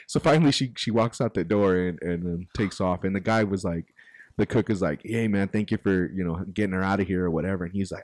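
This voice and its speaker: A man's voice: fairly low pitch, fast talker, no room sound. A man co-hosting a podcast, telling a story in a casual, profane way and acting out the quotes as he goes. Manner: animated, profane, acts out quotes. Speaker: podcast co-host. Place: recording studio.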